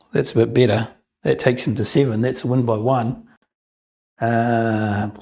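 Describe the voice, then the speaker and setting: In this low-quality recording, a man with a mid-range, slightly mellow voice narrates a solo tabletop wargame battle report. He keeps it chatty, tossing in joking asides and plenty of ums, like casual game commentary.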